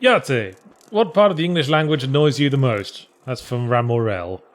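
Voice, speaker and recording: A man's voice: medium pitch, expressive, moderate pace. A man hosting a casual gaming podcast, chatting dryly with mocking asides and reading out viewer questions.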